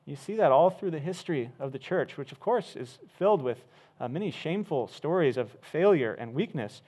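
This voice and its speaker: Earnest pastor preaching emphatically. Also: male voice, on the high side, darkish tone. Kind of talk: sermon.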